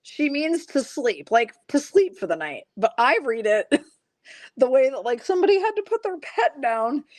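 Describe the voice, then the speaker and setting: A woman's voice: sits high, big pitch swings, moderate pace, a little mellow, dry recording. A woman hosting a live card break stream, calling out cards and reading the chat in a chatty, self-mocking way, often breaking into giggles. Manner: giggly, keeps breaking into laughter.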